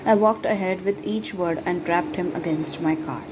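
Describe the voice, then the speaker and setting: Woman narrating a romance story, low voice. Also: moderate pace, few pauses, low-quality recording. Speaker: fan fiction reader. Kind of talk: first-person story narration. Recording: steady background noise.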